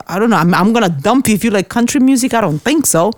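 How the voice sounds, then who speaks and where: A woman's voice: mid-range voice, fast, no room sound. Woman, from Austria, casual storyteller, blunt and profane, dry studio sound. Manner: blunt, swears freely, animated storytelling. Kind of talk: casual chat.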